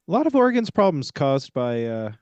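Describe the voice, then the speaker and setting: A man's voice: fairly high pitch, very animated, a little fast, darkish tone, clear, resonant tone, dry recording, lo-fi sound. A man co-hosting a casual podcast, joking in laid-back banter. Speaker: podcast co-host. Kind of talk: casual chat.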